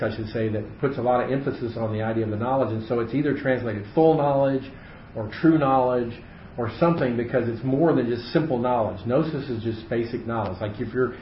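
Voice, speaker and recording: A man's voice: mid-range voice, slight background noise. A man leading a casual Bible study for a small group, thinking aloud with frequent fillers and restarts. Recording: echoey room, muffled audio.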